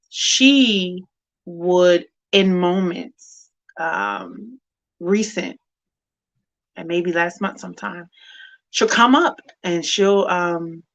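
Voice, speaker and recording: A middle-aged woman hosts a women's grief discussion, talking in a casual, heartfelt way. Her medium-pitched voice has a fairly bright tone, and she's candid and rambling, with plenty of fillers and restarts.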